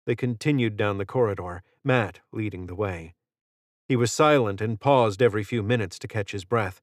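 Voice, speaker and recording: A man reading an audiobook narration in a steady, measured way. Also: lowish voice, dry recording, studio quality. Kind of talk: scripted narration.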